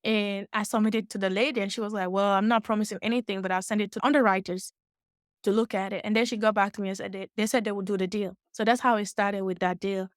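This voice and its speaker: A woman's voice: mid-range voice, no room sound, studio quality. Woman telling her story. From West Africa. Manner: animated retelling with acted-out quotes and quick self-corrections. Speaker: guest, real estate investor. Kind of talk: storytelling in a casual interview.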